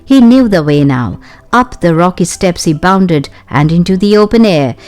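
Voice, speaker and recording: A woman's voice: moderate pace, faint music behind. Woman narrating a children's adventure story. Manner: expressive, raises her pitch for the children's lines. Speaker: audiobook narrator. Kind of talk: storybook narration with character voices.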